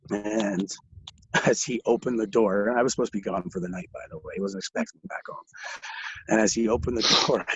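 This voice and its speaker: A man's voice: mid-range voice, vocal fry, slightly rough, highs cut off. A young man telling rambling stories in casual chat, laughing through them and swearing a lot. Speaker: guest.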